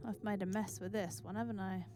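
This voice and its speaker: A woman streams a video game with game music behind her and slight background noise. Her mid-range voice is mellow, a bit fast, and flat in delivery, yet she chats, exclaims, and makes fun of herself while playing.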